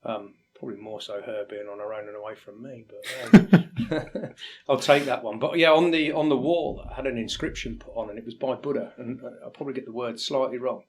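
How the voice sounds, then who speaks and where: A man from England, a firefighter, speaking candidly and haltingly in an interview, sometimes acting out quoted exchanges. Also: medium pitch, darkish tone. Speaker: firefighter guest. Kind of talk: reflective interview talk.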